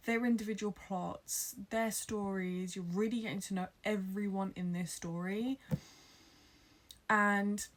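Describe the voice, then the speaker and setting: Woman book vlogger, tired but excitable, gushing casual chat with whispered asides. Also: mid-range voice. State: tired after hours of reading. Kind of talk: casual reading vlog chat.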